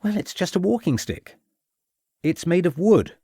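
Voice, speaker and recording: A man's voice: medium pitch, big pitch swings, fairly quick, darkish tone, no room sound, clean studio sound. A man reading an audiobook, voicing a nervous, defensive middle-aged male suspect who protests and evades. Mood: bewildered. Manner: agitated, protesting, evasive.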